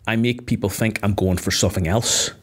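A fairly low-voiced man, an MMA fighter, talks on a podcast in a loose, casual way. He swears freely and leans on "like" as he works through his points. His delivery stays lively and blunt. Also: fairly quick.

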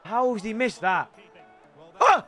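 A young man with a British accent commentates his own football match, loud and excitable, teasing chat between shots. His voice sits high and bright, and it leaps around in pitch as he reacts. Faint music plays behind him. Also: takes it slowly. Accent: British English. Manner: excitable, shouty, banters with chat. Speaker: gaming streamer. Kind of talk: live gameplay commentary.

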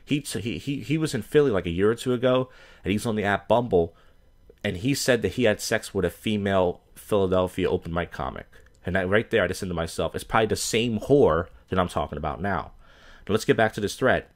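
Male open mic comic, lowish voice, profane rambling rant, lots of fillers. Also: fairly quick. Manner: crude, swears constantly, many fillers and restarts.

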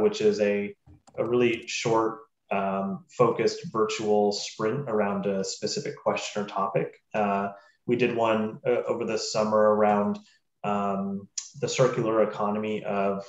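A man speaking as a panelist in a webinar, measured and unhurried, with frequent fillers. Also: on the low side, a little mellow. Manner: measured, with many fillers and restarts. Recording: roomy, muffled video call audio.

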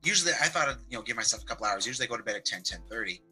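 A young man calls in as a guest on a show over a video call, talking very fast in a medium-pitched, pushed, bright voice with lively intonation. The chat is loose and laid-back, peppered with "like" and mild swearing. The recording is low quality, with faint music behind him.

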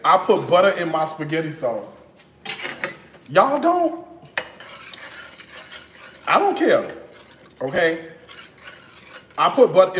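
A man's voice: fairly high pitch, fairly bright tone, echoey room, slight background noise. A man from Chicago, chatting playfully to viewers as he cooks in his kitchen. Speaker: home cooking vlogger. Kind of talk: casual cooking vlog chat.

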